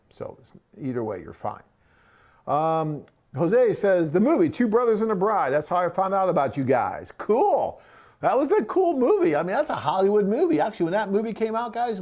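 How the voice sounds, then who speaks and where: A man's voice: mid-range voice, a little mellow. Chatty man hosting a live webcast. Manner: chatty, rambling, frequent "right?" and "um". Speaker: host answering viewer questions.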